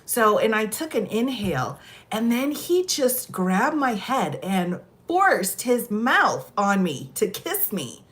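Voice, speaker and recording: A woman's voice: a little high, slow. Laughing American woman telling stories. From United States. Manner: laughs often, animated storyteller. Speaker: host. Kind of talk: casual storytelling chat.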